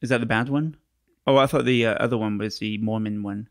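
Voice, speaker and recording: A man's voice: fairly low pitch, steady tone, fairly quick, no echo, studio quality. A man from England co-hosting a podcast in casual chat, teasing and laughing at his own jokes. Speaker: podcast co-host.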